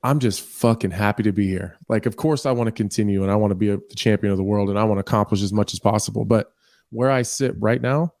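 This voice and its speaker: A man's voice: lowish voice, fast talker, creaky, a little mellow, no room sound, studio quality. A man from Nebraska co-hosting an interview, laid-back and loose-tongued, swearing casually between fillers. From Nebraska, USA. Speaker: co-host.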